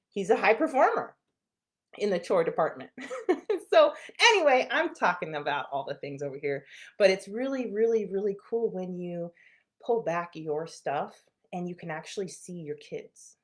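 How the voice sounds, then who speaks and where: Middle-aged female therapist, casual to-camera talk, lowish voice, animated and laughing. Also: normal speed. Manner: animated storytelling, laughs often, shifts between loud and quiet. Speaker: therapist and channel host.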